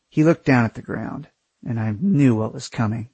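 A man's voice: mid-range voice, moderate pace, warm tone, breathy edge, dry recording. A young man narrating his own travel story in the first person, crude and wry.

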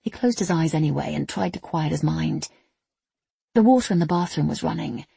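A woman narrating an audiobook in an even, steady reading voice. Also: sits low, fairly quick, creaky, breathy edge, no echo.

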